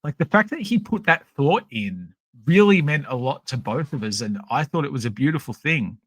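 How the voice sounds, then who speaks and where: An Australian man hosting a podcast, chatting casually on a live stream and telling stories in a rambling, animated way full of fillers. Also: fairly high pitch, normal speed, no echo. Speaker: podcast host.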